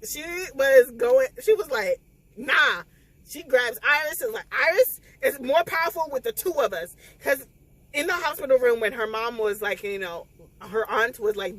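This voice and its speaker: A woman, recapping a novel in a casual spoiler vlog, tearful and animated as she acts out the scenes. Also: on the high side, rough recording. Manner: animated, emotional retelling with quoted dialogue. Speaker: book vlogger.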